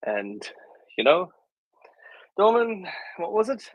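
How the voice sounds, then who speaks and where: A man on an online panel explaining his points in a deliberate, measured way. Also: high voice, very animated, no room sound, rough recording. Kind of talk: casual panel discussion.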